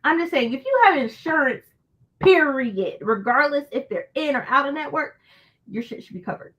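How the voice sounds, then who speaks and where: A woman's voice: sits high, lively intonation, moderate pace, fairly bright tone, highs cut off. A woman hosting a casual livestream, answering her chat and venting in a frustrated, cursing rant. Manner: frustrated, ranting, swears freely. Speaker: book channel host reading live chat.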